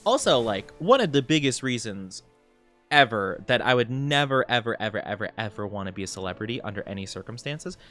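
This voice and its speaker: A young man streaming a game as a VTuber, chatting casually and rambling with lots of fillers and quick laughs. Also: medium pitch, animated, fairly bright tone, faint music behind. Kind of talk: casual chat while playing a game.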